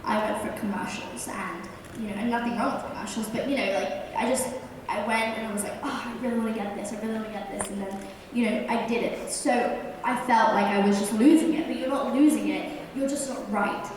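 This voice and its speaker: A bubbly, giggly young actress answers questions at a fan panel, her chatter tumbling out in casual bursts. Her voice sits a little high and booms around a vast, reverberant hall. The mic sounds distant, with a steady wash of crowd noise underneath. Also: brisk. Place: large convention hall. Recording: echoey hall from far off, noisy.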